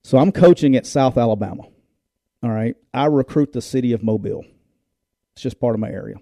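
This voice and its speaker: This middle-aged former football coach co-hosts a casual show, telling stories in a brisk, mid-range voice. He's animated, acting out the voices of people he quotes and laughing as he goes. The studio sound is clean, with no echo.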